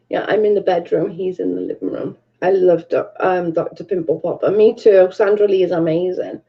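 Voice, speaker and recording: A woman's voice: fairly low pitch, fairly even intonation, moderate pace, vocal fry, muffled recording. A British woman hosting a casual livestream from her bedroom, chatting and reading out viewer comments, swearing freely. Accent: British English. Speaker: livestream host.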